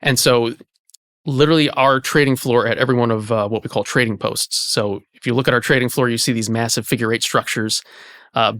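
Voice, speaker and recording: A man, an archivist hosting the conversation, explaining in a relaxed way with lots of "you know" fillers. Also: medium pitch, a little fast, no room sound, studio quality. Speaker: archivist and host. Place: indoor archive space.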